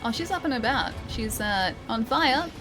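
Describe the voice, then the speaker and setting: A woman's voice: a little high, lively intonation, normal speed, music in the background. An Australian woman streaming a game live, chatting playfully, laughing often and answering her chat. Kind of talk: live gameplay commentary, reading chat.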